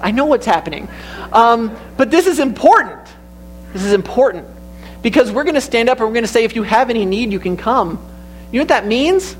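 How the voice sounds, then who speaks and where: Earnest high-voiced male preacher. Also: a bit bright, low-quality recording. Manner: earnest, repetitive, building to emphatic peaks. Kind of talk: sermon with invitation. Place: church sanctuary.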